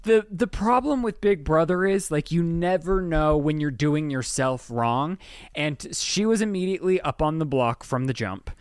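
A man's voice: a little high, lively intonation, moderate pace, smooth, dry recording. A man co-hosting a podcast in casual chat, talking eagerly as he explains things. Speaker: podcast co-host.

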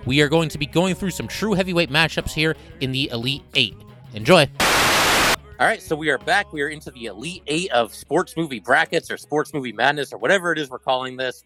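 Upbeat bright-voiced male host. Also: fairly high pitch, no room sound. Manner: upbeat, brisk introductions. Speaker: podcast host. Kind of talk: podcast host intro.

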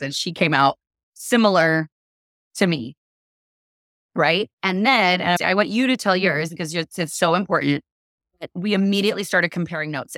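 A woman in casual conversation, telling a lively story with lots of "like" and acted-out quotes. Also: lowish voice, no echo, studio quality. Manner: animated, acts out quoted voices, many "like" fillers. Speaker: podcast guest.

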